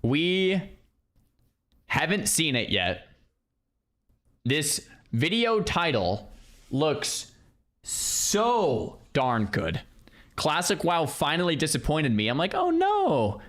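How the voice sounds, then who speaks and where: A man's voice: fairly high pitch, very animated, takes it slowly, long pauses, a bit bright. A man hosting a stream, chatting to viewers in casual reaction commentary, often repeating himself. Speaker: streamer host.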